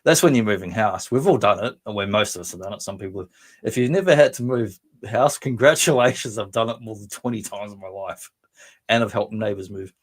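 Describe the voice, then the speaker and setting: A man's voice: lowish voice, a little fast. An Australian man hosting a casual live stream, rambling and joking about himself while reading out viewer comments, his voice a little strained. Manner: rambling, self-mocking, bursts into silly voices. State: voice strained after drinking. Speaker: livestream host.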